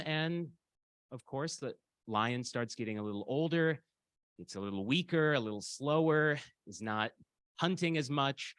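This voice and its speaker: A man giving a public lecture in a conversational, storytelling way, often pausing with hesitations. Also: lowish voice, fairly bright tone, dry recording.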